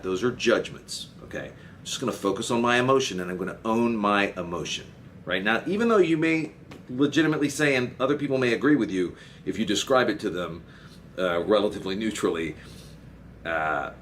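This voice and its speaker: Low-voiced therapist explaining calmly. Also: male voice, moderate pace. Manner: conversational, checks in often with okay and right. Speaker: marriage and family therapist. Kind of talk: solo explainer talk to camera. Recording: faint background noise.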